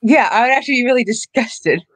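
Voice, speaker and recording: A woman teasing her co-hosts on a casual podcast, laughing often between lines. Her voice sits high, and the recording is dry, with no room sound. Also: lively intonation, fast talker, a bit bright, dry recording, rough recording.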